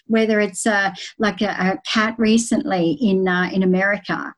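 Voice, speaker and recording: A woman guest on a podcast tells anecdotes about reading animals. She speaks with animated energy and often repeats and restarts her words mid-sentence. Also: mid-range voice, moderate pace, rough recording. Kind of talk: conversational storytelling.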